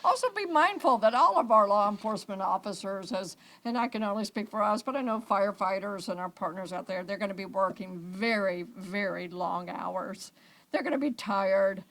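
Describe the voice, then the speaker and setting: Woman in her police chief role, gravelly, medium pitch, easygoing and reassuring. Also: moderate pace, a bit bright, rough recording. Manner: conversational, reassuring, some fillers and restarts. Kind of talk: press briefing remarks.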